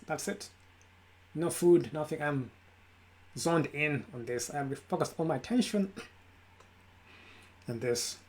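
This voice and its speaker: A man speaking live from his room, giving an emphatic motivational talk on mindfulness in repeated lists. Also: a little high. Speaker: self-help speaker. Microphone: camera.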